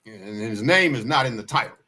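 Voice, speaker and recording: This livestream host spins casual stories, wandering through them in a folksy manner and hammering his key points more than once. He speaks fairly quickly in a mid-range voice that is expressive, bright, and forceful.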